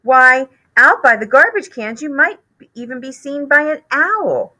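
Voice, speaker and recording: A woman's voice: high voice, big pitch swings, unhurried, pushed and bright, voice pushed up, heavily acted, low-quality recording. A woman voicing a fussy, worried mother mouse who frets and pleads in a storybook read-aloud. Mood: anxious. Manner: anxious, pleading.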